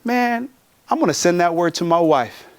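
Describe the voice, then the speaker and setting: High-voiced, cussing keynote speaker. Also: male voice, moderate pace. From Pomona, California. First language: Tongan. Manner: energetic, profane, joking with the crowd. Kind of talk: motivational keynote. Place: conference hall.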